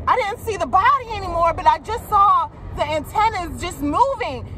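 A woman's voice: extremely high pitch, moderate pace, hardly any pauses, heavy background noise. A young woman vlogger telling a story casually and animatedly, swearing freely. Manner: animated, swears freely, shrieks when quoting her panic.

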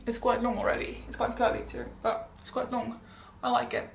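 Bubbly teen girl vlogging, gravelly. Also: fairly high pitch, little pitch movement, fairly quick, echoey room. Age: teens. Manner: bubbly, rambling, giggly, self-correcting. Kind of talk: casual chatty update vlog.

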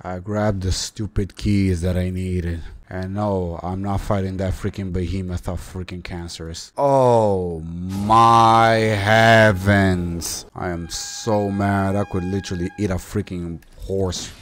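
Male gamer, lowish voice, exasperated play-by-play full of swearing and outbursts, faint background hum. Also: level tone, normal speed, few pauses. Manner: exasperated, swearing and loudly exclaiming. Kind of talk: gameplay commentary.

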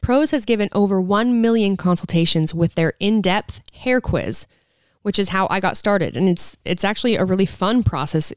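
A woman's voice: medium pitch, animated, normal speed, clear, resonant tone, no room sound, clean studio sound. A woman hosting a casual podcast from a living room, teasing and blunt with frequent giggles. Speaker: podcast host. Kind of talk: casual chat and read ad. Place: living room at parents' house.

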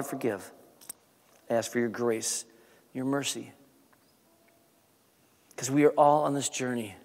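A man, the pastor, preaching a sermon with rising emphasis and then leading a soft prayer. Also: medium pitch. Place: church sanctuary. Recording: long church reverb.

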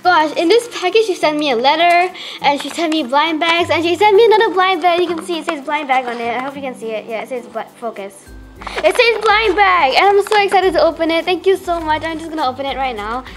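Teen girl vlogger, high and bouncy, fangirling over fan mail. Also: a little fast, music in the background. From Malaysia. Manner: gushing, excitable fangirling with many "oh my gosh". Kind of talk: unboxing fan mail vlog.

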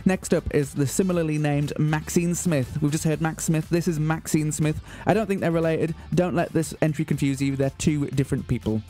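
Male community radio host, deadpan mock-grand delivery, mellow tone, light music bed. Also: on the high side, moderate pace, hardly any pauses. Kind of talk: radio show presenting. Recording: faint music bed behind.

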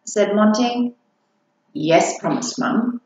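Woman reading a kids' book, slow and very expressive, echoey room, muffled lo-fi sound. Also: medium pitch. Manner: playful and animated, asks the listener questions. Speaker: storybook reader. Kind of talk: reading a picture book aloud for children.

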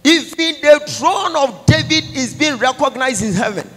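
A prophet giving a call-and-response sermon, moving between English and Twi and breaking into chanted, sung lines and shouts. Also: male voice, very high voice, animated, moderate pace. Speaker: prophet preaching. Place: large church conference hall.

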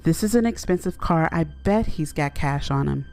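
A woman voicing a callous adult male thief who talks flatly and bluntly in a narrated horror story. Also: sits low, moderate pace, faint music behind. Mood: cold. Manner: flat, blunt.

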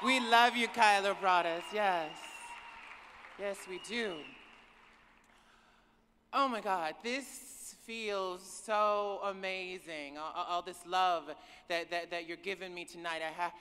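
A woman's voice: lowish voice, slow, a bit bright, slight background noise. Woman giving an emotional keynote in a hall. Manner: emotional, emphatic, calls out to the crowd. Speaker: keynote speaker. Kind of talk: conference keynote speech. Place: large conference hall. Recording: reverberant hall with cheering crowd.

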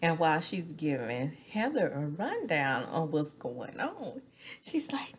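Gossipy woman vlogger, 40s, unhurried and breathy, whispers asides. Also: on the low side, sing-song. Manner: gossipy, laughing often, drops into whispers. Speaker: recap vlogger. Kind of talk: casual reality-TV recap.

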